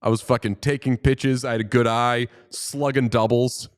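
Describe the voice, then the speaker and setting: A man co-hosting a sports podcast, talking in loose, casual chat. He is animated and playful, jokes a lot and swears freely, and sits in the middle range for pitch. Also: normal speed. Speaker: podcast co-host.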